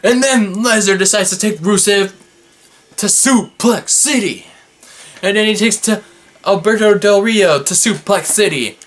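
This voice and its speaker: A young man recapping a wrestling show in a casual, sarcastic, excitable way. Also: high-pitched. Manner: excitable, sarcastic, fluctuating energy. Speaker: wrestling review vlogger.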